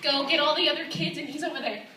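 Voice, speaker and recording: Young woman doing stand-up, highish voice, deadpan storytelling, far off mic in an echoey club with a laughing crowd. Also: fast. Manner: deadpan storytelling, acting out dialogue with a raised voice. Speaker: stand-up comedian. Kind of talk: stand-up comedy set. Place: comedy club stage. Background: audience laughing.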